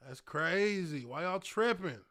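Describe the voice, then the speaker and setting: Hyped up guy streaming, slow drawl, laughs a lot, bright tone. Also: high-pitched. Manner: excitable, laughs often, hyped. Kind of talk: casual live-stream commentary.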